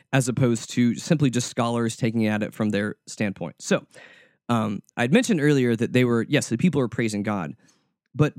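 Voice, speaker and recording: A man's voice: mid-range voice, darkish tone, no echo, studio quality. A male preacher giving a conversational sermon, informal and often repeating words as he searches for the next one.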